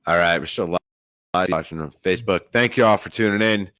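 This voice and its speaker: A man's voice: deep voice, a little fast, a bit bright, dry recording. A man hosting a podcast, joking and bantering casually with friends. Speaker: podcast host. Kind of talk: casual chat among friends.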